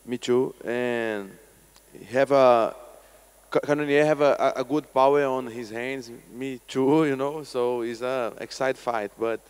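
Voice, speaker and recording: A man answers press questions as a fighter in halting, non-native English. He talks very slowly and bluntly, with a smooth, clear voice. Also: medium pitch, fairly even intonation. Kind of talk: casual press conference answers.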